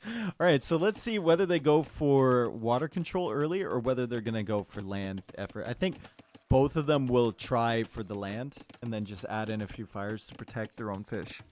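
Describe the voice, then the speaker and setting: A man's voice: mid-range voice, normal speed, a little mellow. A man casting a live strategy-game match, laid-back and chatty, teasing his live chat between plays. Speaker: tournament caster. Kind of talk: live esports commentary mixed with chat banter.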